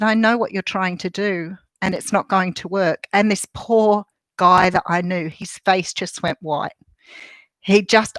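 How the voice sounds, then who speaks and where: A middle-aged woman with an Australian accent chats on a live stream and greets viewers by name between thoughts. Her voice sits at an ordinary middle pitch. The sound is dry and close, with no room around it. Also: fairly bright tone, no room sound, rough recording. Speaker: livestream host. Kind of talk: casual live chat talking to viewers.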